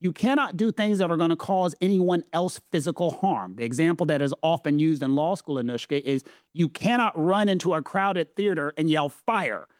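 Southern guy, kinda high voice, explaining law stuff, punchy and repetitive, dry close sound. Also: no room sound. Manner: emphatic, drawn-out stresses, repeats phrases. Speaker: legal analyst co-host. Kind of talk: casual legal discussion.

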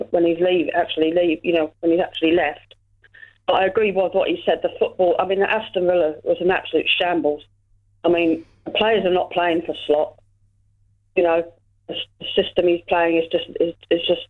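A woman calls in and talks in a halting way, full of fillers. Her voice comes through a thin, tinny phone line. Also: lowish voice. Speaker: caller. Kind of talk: casual phone-in chat. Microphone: telephone.

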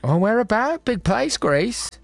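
A man's voice: high voice, very animated, a little slow, gravelly, no echo, soft background music. A man hosting a radio phone-in, chatty, teasing and upbeat. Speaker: radio show host. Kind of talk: lively radio phone-in chat. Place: radio studio.

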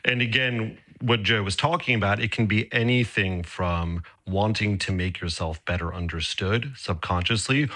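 A man from the Southern US with a mixed North American accent, speaking as an accent expert on a radio phone-in, measured and academic, with many fillers. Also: fairly low pitch, bright, forceful tone. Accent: mixed North American with a Southern US base.

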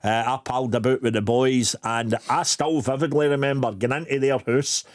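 A man's voice: mid-range voice, fairly even intonation, normal speed. A middle-aged Scottish man co-hosts a radio show, telling stories in easy, chatty banter. He laughs often and keeps things loose and friendly. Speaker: radio co-host.

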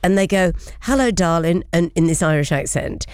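A woman's voice: fairly low pitch, fairly quick, a little mellow, clear, resonant tone, dry recording, studio quality. A woman hosting a radio talk show, telling a funny story in a chatty, laughing way. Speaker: radio host. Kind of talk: casual chat.

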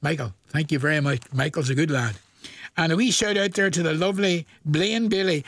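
A Northern Irish man presenting a radio show, reading out shout-outs and requests in a rambling, folksy way and hesitating over long lists of names. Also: a little high, a little fast, dry recording, clean studio sound.

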